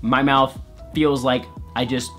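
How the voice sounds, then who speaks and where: A man's voice: medium pitch, level tone, takes it slowly, a bit bright, faint music behind. A man vlogger narrating a comedic personal story in a playful, exaggerated way.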